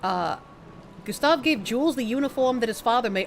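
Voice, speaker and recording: A woman's voice: on the high side, animated, fairly quick, slight background noise. A woman streamer giving playful, chatty commentary over a game. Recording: game music playing behind.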